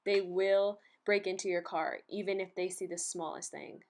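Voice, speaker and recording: A woman casually telling a story about something that happened to her, in an indignant, animated way. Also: lowish voice, normal speed. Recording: roomy echo.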